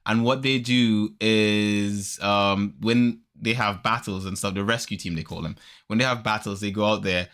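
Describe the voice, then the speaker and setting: A podcast host chatting casually, retelling a story in an animated way and acting out the characters. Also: male voice, on the low side, normal speed. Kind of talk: casual chat.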